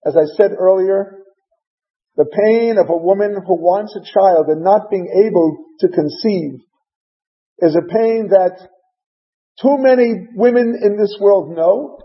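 A rabbi giving a sermon, retelling scripture in a dramatic, emphatic storytelling manner. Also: male voice, high-pitched. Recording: dull lo-fi recording.

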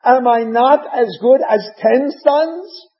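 A man voicing a loving husband gently consoling his crying wife. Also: very high-pitched, takes it slowly, long reverb tail, dull audio, pitched above the performer's own voice.

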